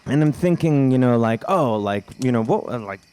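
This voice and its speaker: A man telling a funny story live to an audience, rambling and animated with lots of fillers. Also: mid-range voice, moderate pace, clear, resonant tone. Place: live event before an audience.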